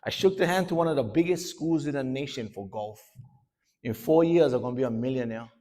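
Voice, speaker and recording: A man from Hawaii with a Hawaiian Pidgin accent, a speaker telling a story to students in an animated, laughing way, slipping into character voices. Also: mid-range voice, fairly quick. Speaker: motivational speaker.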